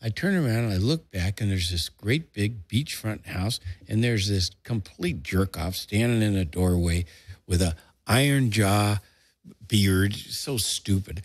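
Husky older man spinning a yarn. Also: on the low side, measured pace, no room sound, studio quality. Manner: lively storyteller who acts out quotes in a raised voice and swears freely. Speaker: storyteller guest. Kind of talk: casual anecdote told to a relative.

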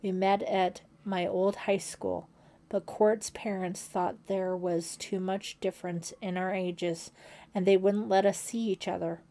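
A woman voicing a secretive, defensive teenage boy counselor in an audiobook, gruff and loud. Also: medium pitch, little pitch movement, measured pace, natural voice. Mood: pleading.

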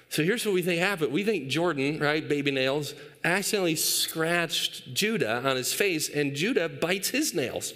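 A man's voice: on the high side, lively intonation, moderate pace, hardly any pauses, fairly bright tone. A man in his thirties, a pastor preaching a sermon on a church stage, telling stories about his young son with playful acted quotes.

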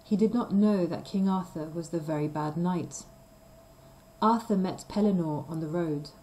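A woman reading a simple story aloud for language learners, slow and clear. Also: lowish voice, mellow, slight background noise, low-quality recording. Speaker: reader of a graded story. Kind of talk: scripted storybook narration for learners.

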